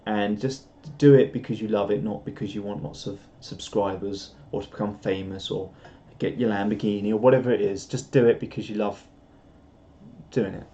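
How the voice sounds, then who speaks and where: A British man with a mellow, lowish voice hosts a casual live stream, reading through viewer comments at a moderate pace in a steady tone. He rambles, pokes fun at himself, and chuckles often, and the stream audio is dull and lo-fi.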